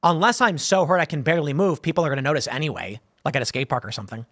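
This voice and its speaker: A show host in his thirties gives casual live-stream commentary, rambling and conversational, constantly restarting and saying "like." His slightly high voice is animated and rapid-fire, swinging around a lot with a fairly bright tone. The sound is dry and close, with no room sound at all.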